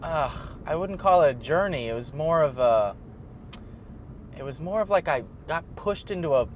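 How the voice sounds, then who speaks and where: A man's voice: on the high side, expressive, normal speed, lo-fi sound, a little hiss or hum. A man hosting a podcast in casual chat, rambling and laughing often as he tells a story. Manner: rambling, laughs often while telling stories. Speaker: podcast host.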